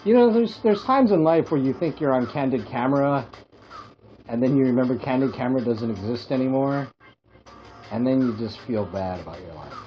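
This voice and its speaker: A man from Hawaii rambles through comic stories on a casual podcast and laughs at his own jokes. His voice sits at a middling pitch. The recording is dull and lo-fi, with faint music underneath. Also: lively intonation, brisk. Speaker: podcast co-host. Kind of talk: casual comedic chat.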